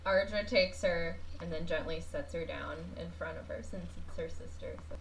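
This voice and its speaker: A woman's voice: on the low side, moderate pace, slight background noise, poor audio. A woman tabletop player casually describing what her character does.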